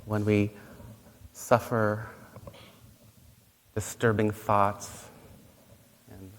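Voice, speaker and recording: Male Buddhist teacher, low voice, gentle, unhurried talk, long reverb in the room. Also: monotone. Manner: gentle, unhurried storytelling with pauses. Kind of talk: dharma talk. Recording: long reverb, faint noise.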